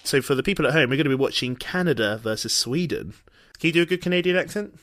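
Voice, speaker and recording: A man's voice: fairly high pitch, animated, fast, a bit bright. A man co-hosting a comedy podcast, casual and dryly teasing as he corrects his co-host.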